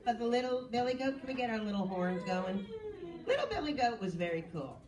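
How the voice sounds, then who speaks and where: A woman's voice: fairly high pitch, sing-song, brisk, distant mic, background noise. A woman storyteller telling a children's tale at a bookstore in a sing-song, playful way, talking with the audience. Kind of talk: live children's storytelling with guitar. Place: bookstore event. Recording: roomy store with loud guitar.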